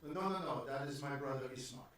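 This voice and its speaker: A man voicing an elegant young noblewoman who answers in short, quiet, reserved phrases. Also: medium pitch, fairly quick, very echoey, recorded from a distance, slight background noise, lightly acted.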